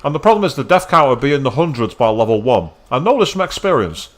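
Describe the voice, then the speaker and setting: A man's voice: mid-range voice, big pitch swings, quick pace, fairly bright tone. A man from Manchester, casually commenting while streaming a game, with chatty, wry asides. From Manchester, England. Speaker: let's play streamer.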